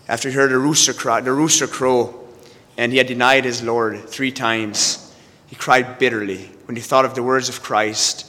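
A man preaching a sermon, halting and restarting often as he quotes scripture. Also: medium pitch, sharp tone. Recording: long hall reverb.

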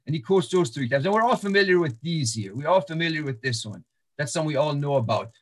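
Man, sermon-style Bible teaching, slightly high voice, repeats and restarts a lot. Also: animated, quick pace, a bit bright. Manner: walks through verses, repeats words and restarts, frequent fillers. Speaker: preacher.

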